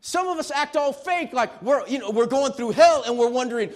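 A middle-aged man preaching a sermon as pastor, emphatic and swinging from shouting to hushed tones. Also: very high-pitched, a little fast.

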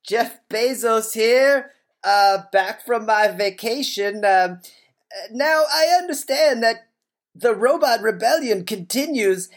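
A woman playing a pompous, self-important male billionaire boss in an improvised comedy sketch, drawling and halting. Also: on the high side, lively intonation. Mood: brisk. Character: pompous billionaire boss, man, middle-aged.

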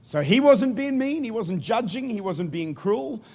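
A man's voice: high voice, sing-song, measured pace, dark tone. A man preaching a sermon in a church, rousing the congregation with energy. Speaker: guest preacher.

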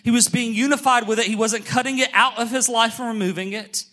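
A man preaching a sermon, emphatic, calling the congregation to look at him and say amen, slowing on key phrases and speeding through asides. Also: extremely high pitch, steady tone, bright, forceful tone. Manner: emphatic, calls for amens and attention; shifts between brisk asides and slow stressed phrases. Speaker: pastor.

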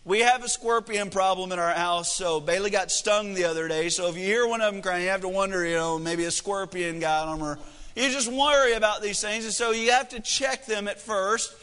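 A man's voice: high-pitched, brisk, sharp tone, smooth. A man in his thirties preaching a sermon, telling a family story in a folksy, joking, self-deprecating way. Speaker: pastor. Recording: echoey hall reverb.

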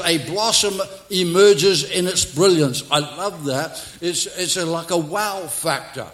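A man preaching a sermon as pastor at a church service, swinging from loud declarations to soft, hushed lines. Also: a little high.

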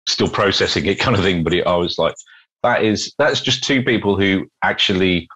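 A man from the UK, a street musician telling anecdotes as an interview guest with lively restarts. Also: low-pitched, husky, highs cut off. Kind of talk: casual interview storytelling.

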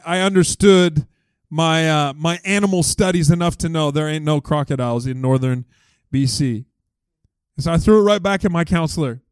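A man preaching a sermon as pastor, telling a story in an animated way and acting out other people's voices. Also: a little high, smooth, no echo. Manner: animated, acts out voices in stories.

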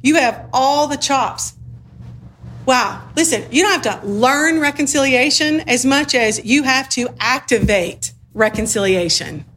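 A woman's voice: sits high, lively intonation, measured pace, fairly bright tone, slight background noise. Conversational woman preaching a sermon. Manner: conversational and humorous, acts out dialogue.

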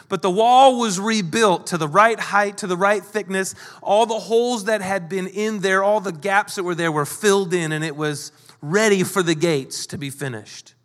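A male pastor with a high, light voice delivers an animated sermon. He talks casually and slips into the voices of the people he quotes. His words ring out through a large hall with a long reverb. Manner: animated, acts out quoted lines.

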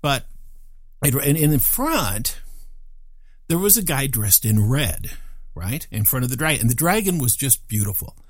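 An older man telling a personal story in an animated, self-deprecating way, with chuckling asides. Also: medium pitch, normal speed, pauses often, no echo, clean studio sound.

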